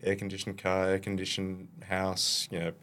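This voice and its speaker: A man's voice: deep voice, monotone, moderate pace, a bit bright. A man from Australia, a mindset coach guest on a podcast, speaking reflectively and posing searching questions. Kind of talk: podcast interview.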